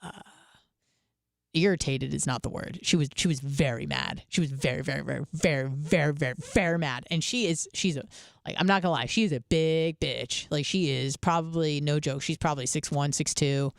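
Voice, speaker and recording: A woman's voice: sits low, a little fast, vocal fry, dry recording, clean studio sound. A woman hosting a radio show, telling a candid, rambling story full of fillers and casual swearing. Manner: chatty and candid, heavy on fillers, swears freely.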